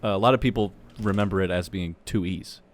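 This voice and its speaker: A man co-hosting a podcast, steering the casual chat and cutting in with quick remarks. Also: low voice. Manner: leads the talk, quick interjections. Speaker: podcast co-host.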